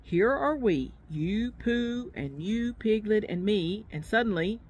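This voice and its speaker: Fussy, bossy storybook rabbit, read by a woman in a mid-pitched, near-natural voice. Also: lively intonation, slow, a little mellow, slight background noise.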